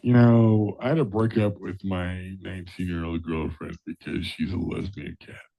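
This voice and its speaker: A man's voice: low voice, moderate pace, vocal fry, a little mellow. A man co-hosting a podcast, rambling through absurd jokes in comedic banter. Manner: rambling, absurd non sequiturs. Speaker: podcast co-host.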